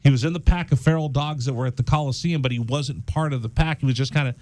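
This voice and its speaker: A man hosting a casual radio talk show, telling a story in an animated way in a studio. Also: mid-range voice, fast talker, no room sound. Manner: animated storyteller, acts out quoted voices.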